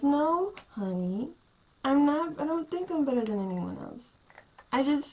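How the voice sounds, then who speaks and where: A woman vlogging to her camera, telling a workplace story in a casual, exasperated rant and acting out what people said with big jumps in pitch. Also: very animated, normal speed, a little mellow, poor audio.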